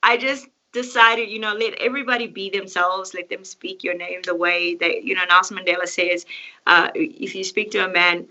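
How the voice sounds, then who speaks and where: A woman's voice: medium pitch, steady tone, moderate pace, sharp tone, a little hiss or hum. A woman with a South African accent, a guest singer chatting casually in an interview and laughing easily. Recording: dull lo-fi audio.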